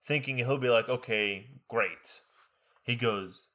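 In a casual podcast conversation, a young adult co-host recounts a story in a mid-range voice at normal speed, leaving long pauses. He tells it animatedly, performing the voices of the people he quotes.

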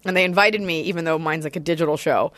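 A woman in her thirties, a comedian guest in a casual podcast chat, quick and self-mocking. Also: low-pitched, fairly bright tone, no echo. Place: Los Angeles area studio.

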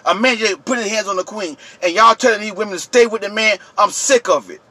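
Man with aave yelling at his viewers, high bright voice, dry sound. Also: brisk, no room sound. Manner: yelling, preachy, repetitive, addresses viewers directly. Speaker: channel host. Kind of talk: impassioned vlog rant.

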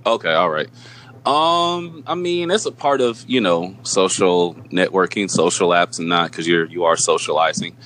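Deep-voiced man in hesitant podcast chat. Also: moderate pace, fairly bright tone. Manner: hesitant, many restarts and fillers. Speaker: podcast co-host. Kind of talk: casual chat.

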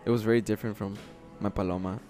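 A man with a somewhat low voice hosts a relaxed podcast chat, throwing in blunt, swearing reactions. Clear music runs behind him. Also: racing. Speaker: podcast host. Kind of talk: casual chat.

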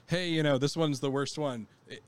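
A man's voice: a little high, steady tone, moderate pace, clear, resonant tone. A young man co-hosting a casual podcast, blunt and profane, retelling events with animation. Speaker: podcast co-host. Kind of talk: casual chat.

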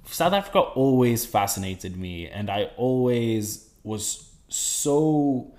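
A man's voice: mid-range voice, lively intonation, takes it slowly, darkish tone. A man hosting a podcast, responding to his guest in an appreciative, conversational way. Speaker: podcast host. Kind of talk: conversational interview.

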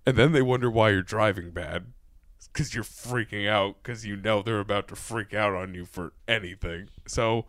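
A podcast guest tells stories casually into a close-held mic, swearing freely and laughing through his own tales. His voice is fairly low, unhurried and fairly bright, with no echo.

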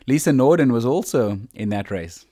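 A man co-hosting a podcast, chatting casually and relaxed, often laughing and using fillers. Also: medium pitch, normal speed. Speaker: podcast co-host.

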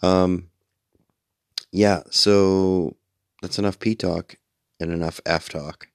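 A sleepy middle-aged man rambles through a late-night radio monologue in a very low, gravelly voice. He sounds worn out and meanders from thought to thought, swearing casually. The sound is dry and close, with no room around it. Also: fairly even intonation, slow, dry recording. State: sleepy, yawning. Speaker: radio show host.

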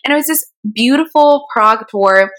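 A young American woman in her twenties co-hosting a podcast, telling stories in a casual, animated way and laughing often. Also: high-pitched, normal speed. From United States. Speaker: podcast co-host. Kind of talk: casual chat.

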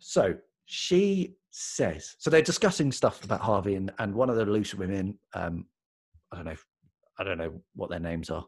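A British man with a husky, slightly rough voice tells a story on a podcast. His pitch swings widely as he builds up to the funny part. He talks in a loose, casual way and laughs often along the way. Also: expressive, normal speed, a little mellow. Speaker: podcast co-host. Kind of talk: casual chat.

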